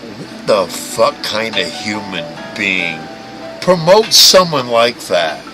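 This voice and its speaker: Crude, ranting man with a lively voice. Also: lowish voice, slow, rough recording. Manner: mocking, crude, swears constantly, stammering restarts. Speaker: livestream host. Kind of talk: profane ranting livestream chat. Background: music playing.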